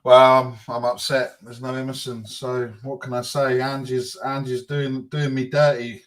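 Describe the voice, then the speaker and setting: A man's voice: mid-range voice, flat delivery, normal speed. A man co-hosts a casual football chat in a mid-range voice. He talks hesitantly and thinks aloud as he goes. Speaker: co-host.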